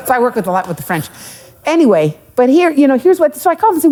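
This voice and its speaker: A middle-aged economic development executive races through her stories in a high-pitched voice while appearing on a live podcast with an audience. She's animated, cracking jokes and veering into asides.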